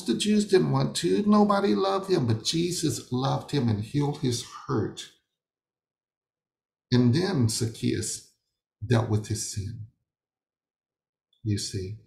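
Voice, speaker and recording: A man's voice: medium pitch, creaky, a little mellow, echoey room. A man teaching a sermon over a video call, emphatic and fond of rhetorical questions that he answers himself. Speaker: ministry leader teaching a session.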